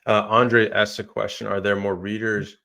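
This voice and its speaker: A man's voice: lowish voice, flat delivery, normal speed, gravelly, pushed and bright. A man moderating a live online Q&A on a video call, reading out audience questions in a friendly, upbeat way. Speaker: moderator and publication founder.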